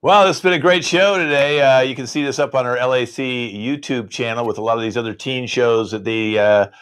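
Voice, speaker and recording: A man with a mid-range voice hosts a live improv show from a video call. He talks in a relaxed, chatty way, pausing often as he thinks. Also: mid-range voice, clean tone. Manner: relaxed and chatty, with frequent "uh" pauses.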